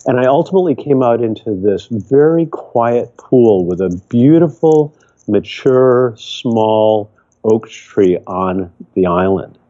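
A man's voice: mid-range voice, lively intonation, slow pace, dark tone. An older man from Michigan, a podcast guest, telling a personal story in an earnest, rambling way with frequent restarts. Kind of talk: reflective storytelling. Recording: dull lo-fi remote audio.

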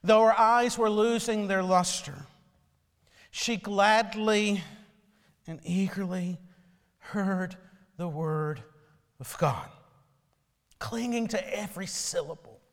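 A male pastor delivering a sermon, telling a story slowly and solemnly. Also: sits high, big-room sound.

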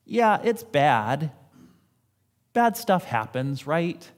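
Lively high-voiced man preaching. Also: extremely slow. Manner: conversational, self-deprecating preaching with acted-out quotes. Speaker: pastor. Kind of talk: sermon.

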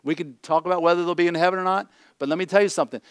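A middle-aged male pastor gives a conversational sermon at a very fast clip in a fairly high, steady voice, blunt and quick with joking asides. He keeps checking in with listeners by repeating "okay?", and the sound is dry, close, and clean with no echo.

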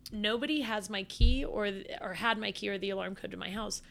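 A woman chatting as a podcast guest, swearing freely and packing her talk with fillers. Her voice is bright and forceful, with a gravelly, creaky edge. She holds a middle pitch. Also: brisk. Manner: animated, profane, with frequent fillers. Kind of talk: casual storytelling chat.

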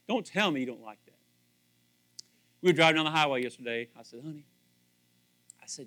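A middle-aged man preaching with a high, lively voice that swoops all over. His tone is bright and forceful. He acts out dialogue and hammers phrases through repetition. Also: fairly quick, long pauses. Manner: animated, acts out dialogue, repeats phrases for emphasis. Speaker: pastor. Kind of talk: sermon.

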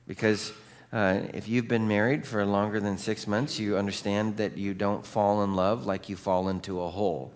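A male pastor delivers a sermon in a lively, conversational style, mixing jokes with calls for the congregation to answer back. His voice sits on the lower side. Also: normal speed. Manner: jokey, conversational preaching.

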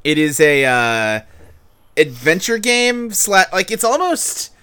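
A man's voice: a little high, big pitch swings, takes it slowly, bright, forceful tone, clear, resonant tone. A man hosting a podcast in casual chat, rambling, with loose fillers and casual swearing. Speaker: podcast host.

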